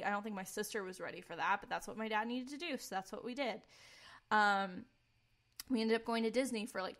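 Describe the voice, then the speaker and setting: A young woman co-hosting a podcast shares her personal faith testimony candidly in casual conversation. Her mid-range voice is a bit bright, and she speaks earnestly, filling her sentences with lots of "like".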